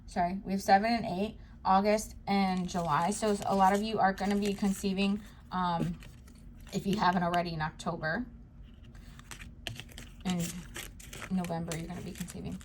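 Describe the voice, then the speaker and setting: A woman giving a tarot card reading to her viewers, talking to them directly in a soft, reassuring way. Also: medium pitch, normal speed, pauses often, a little hiss or hum. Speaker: psychic tarot reader.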